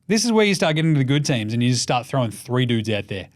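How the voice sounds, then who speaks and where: An Australian man hosting a basketball show, talking in a casual, profane and mocking way, getting loud when he rants. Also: sing-song, quick pace. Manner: gets loud and high when ranting. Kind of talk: casual sports commentary rant.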